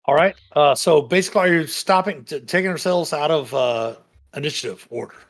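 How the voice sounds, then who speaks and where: A man narrating as game master in a tabletop game, describing scenes in a halting way with frequent pauses to search for words. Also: fairly high pitch. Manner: halting, many fillers and restarts while describing the scene.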